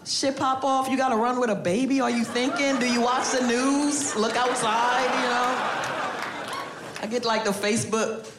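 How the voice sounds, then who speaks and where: A woman's voice: a little high, fairly even intonation, normal speed. Brash profane woman doing stand-up. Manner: brash, profane, laughing through punchlines. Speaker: stand-up comedian. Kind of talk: stand-up comedy set. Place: comedy stage before a live audience. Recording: roomy club sound with crowd noise.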